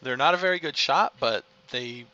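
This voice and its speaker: A man who narrates as game master of a tabletop game, in a halting, descriptive way with fillers. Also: mid-range voice, sharp tone, dull audio.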